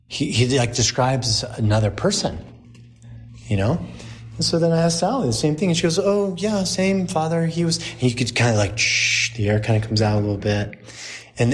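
A man in his forties, a priest, telling a story to a group in a lively way, laughing at his own anecdote. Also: medium pitch.

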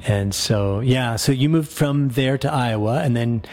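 Chatty priest hosting a call-in show. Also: male voice, medium pitch, measured pace. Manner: relaxed, chatty, with frequent fillers and restarts. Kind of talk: casual call-in radio chat.

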